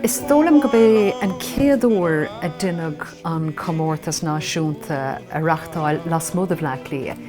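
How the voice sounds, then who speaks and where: A woman recalling a broadcast in a documentary interview, speaking conversationally and mixing in English words. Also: low-pitched. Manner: conversational, slipping English words into her speech.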